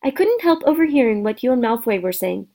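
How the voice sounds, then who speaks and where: A woman's voice: fairly high pitch, big pitch swings, fairly quick, warm tone. A woman voicing a bossy, know-it-all schoolgirl who lectures shrilly in a storybook reading. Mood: indignant lecturing.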